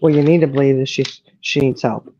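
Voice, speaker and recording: A man's voice: mid-range voice, steady tone, a little fast, a crowd in the background. A man hosting a casual livestream chat, angry and profane, holding back tears. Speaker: livestream host. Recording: dull lo-fi mic.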